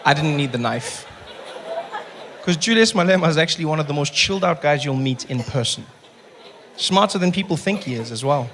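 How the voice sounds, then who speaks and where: Brief: South African male comedian, lively stand-up storytelling, fairly high voice, noisy live stage sound. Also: some chatter behind. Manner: animated, fast bursts of self-talk. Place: stage before a live audience.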